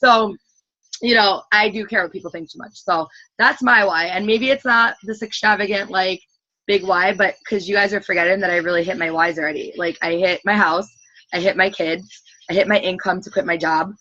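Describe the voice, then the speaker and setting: A woman's voice: mid-range voice, fairly even intonation, fairly quick, sharp tone, dry recording, muffled recording. A woman in her thirties leading a team call, gushing and rambling with lots of "like". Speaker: team leader hosting a group call. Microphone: computer call audio.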